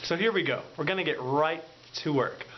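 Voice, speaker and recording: A man teaching a language lesson through call and repeat, drawing words out and swinging his pitch up and down on each drilled word. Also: a little fast. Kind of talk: slow, drawn-out classroom teaching with call and repeat. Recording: dull lo-fi sound with faint noise.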